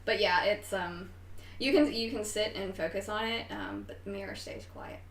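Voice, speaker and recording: A woman's voice: mid-range voice, moderate pace, vocal fry, slight background noise. A woman running a tabletop game as game master, narrating with lots of fillers and frequent laughter. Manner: giggly, hesitant with fillers. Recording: echoey room, mic at a distance.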